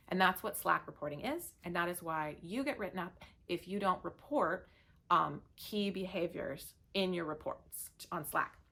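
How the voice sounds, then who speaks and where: A woman's voice: fairly low pitch, bright, forceful tone. A woman leading a staff training in a casual, conversational way, telling family stories to explain her points. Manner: anecdotal, uses family stories as examples. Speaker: business leader training staff.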